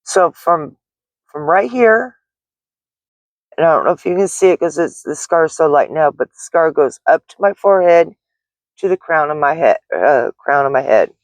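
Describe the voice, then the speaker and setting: Expressive and low-voiced at a normal speed, a middle-aged delivery driver tells a frightening story on her vlog. It comes out shaken and rambling, with many restarts and fillers, on a dry recording.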